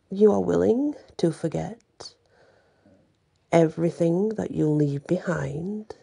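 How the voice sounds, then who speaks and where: A woman's voice: low-pitched, creaky, mellow, husky, heavily acted. A woman voicing a scheming old sea witch, menacing and partly whispered.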